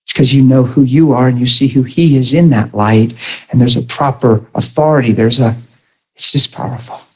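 A male preacher giving a sermon, animated and playful as he tells stories. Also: mid-range voice, moderate pace, husky, highs cut off. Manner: animated storytelling, bursts into laughter, playful.

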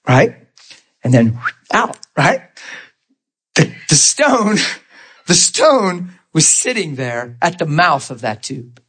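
A man's voice: on the high side, slow, pauses often, slightly rough. A man preaching a testimony in a conversational, storytelling way, laughing often and asking his listeners questions. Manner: animated, laughs often, acts out quoted voices; conversational, rhetorical asides to listeners.

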